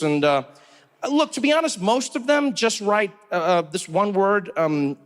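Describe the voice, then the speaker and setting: A man from doing animated, mock-exasperated stand-up storytelling. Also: sits high, unhurried. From South Africa. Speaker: comedian. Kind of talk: stand-up comedy.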